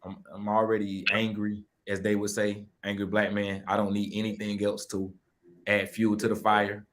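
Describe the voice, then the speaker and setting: A man's voice: lowish voice, completely flat delivery, moderate pace. Blunt, joking podcast man. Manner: blunt, joking, emphatic banter. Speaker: podcast co-host. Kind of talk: casual podcast chat.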